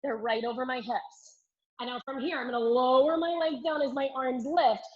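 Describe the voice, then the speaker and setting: A high-pitched woman leads a Pilates mat class, cueing each move with upbeat encouragement and counting down the reps. She sounds a little out of breath as she demonstrates along. The audio is dull and lo-fi, like a live stream. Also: fairly even intonation, normal speed. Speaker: Pilates instructor.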